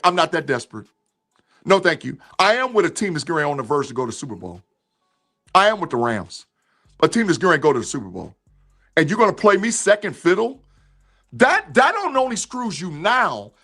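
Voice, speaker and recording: A man's voice: sits high, pushed and bright. A man streaming a heated football rant, repeating his points and answering chat viewers by name. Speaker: sports streamer reacting to live chat.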